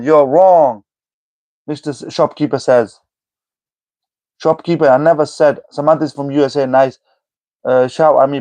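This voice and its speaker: A young man with a fairly high voice reads his live chat aloud and snaps back at the commenters. He sounds exasperated and scolding, and the sound is close and dry with no room around it. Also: darkish tone, no room sound. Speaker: livestreamer answering chat. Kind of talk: live chat reading and replying.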